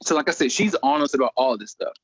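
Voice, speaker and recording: In a dry, dull lo-fi recording with no room sound, a young college-age man animatedly recounts a story, putting on voices for the others he quotes. His voice is medium-pitched and husky, and he talks at a quick pace.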